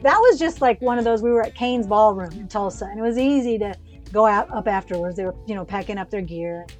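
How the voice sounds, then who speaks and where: An American woman co-hosting a podcast tells a personal story in a casual, rambling conversation, animated and restarting herself often. She speaks fast at a medium pitch with soft music in the background.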